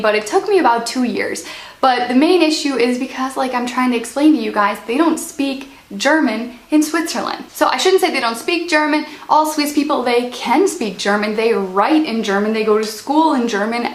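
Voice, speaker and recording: A woman with a fairly high voice chats casually to her viewers in a vlog, laughing often and calling them "you guys." Her voice bounces around an echoey room. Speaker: vlogger. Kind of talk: casual vlog talk to camera.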